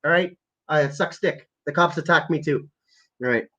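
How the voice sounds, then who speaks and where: A man's voice: on the high side, moderate pace, a bit bright, dull audio. A man from Canada ranting casually and profanely to his live chat as a stream host, rambling and heated. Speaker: livestream host.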